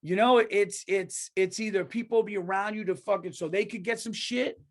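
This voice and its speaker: A man with a notably high speaking voice rants on his podcast. He is worked up and emphatic, swearing freely as he hammers his points home. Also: steady tone, moderate pace. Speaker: podcast host. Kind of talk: heated comedic rant.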